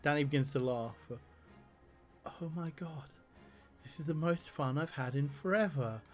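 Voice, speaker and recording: A man's voice: a little high, a little slow, faint music behind. A man streaming a text adventure game, reading the options aloud and laughing often.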